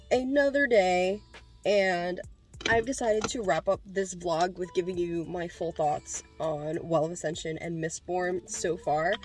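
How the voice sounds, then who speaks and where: A woman chatting casually in a reading vlog, excitable and gushing, crying out in dismay at times. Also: fairly low pitch. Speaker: book vlogger.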